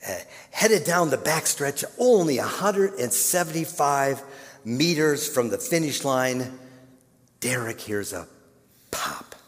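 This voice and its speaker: A male pastor telling a story in a sermon, dropping to a hush and then building to loud, dramatic peaks. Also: mid-range voice, expressive, slow. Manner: dramatic, swinging from hushed to loud. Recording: long reverb of a large hall.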